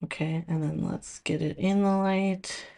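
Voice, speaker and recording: A woman's voice: fairly low pitch, steady tone, a little slow, creaky, mellow. A woman with a Minnesota accent showing off nail products in a casual, chatty way, full of fillers and restarts.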